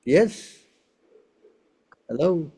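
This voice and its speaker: A man's voice: on the high side, animated, extremely slow, creaky, warm tone, husky. A man acting as spiritual teacher in a Q&A session, speaking emphatically and keeping checking his listeners follow with short tag questions.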